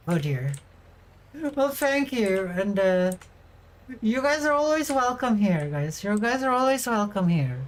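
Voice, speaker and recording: A woman's voice: medium pitch, low-quality recording. Giggly young woman chatting on stream. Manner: chatty and giggly, reading out and answering chat. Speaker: VTuber livestreamer. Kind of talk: casual livestream chat with viewers.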